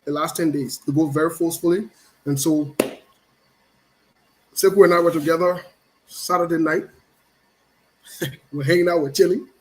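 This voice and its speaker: High-voiced playful man hosting. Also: fairly even intonation, a little slow, long pauses, darkish tone, a little hiss or hum, rough recording. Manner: playful, teasing, repeats phrases. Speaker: show host. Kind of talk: casual live-stream chat greeting viewers.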